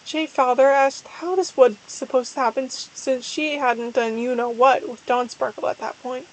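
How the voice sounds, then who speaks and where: A woman's voice: high voice, fairly even intonation, normal speed, rough recording. A woman giving a casual, amused dramatic reading of a parody story, retelling it plainly with small stumbles along the way. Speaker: reader of a fan story.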